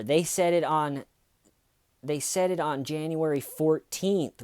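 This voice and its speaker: A man's voice: fairly high pitch, no room sound, studio quality. A man hosting a casual true-crime commentary, talking in an indignant, conversational way with lots of fillers and restarts. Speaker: podcast host.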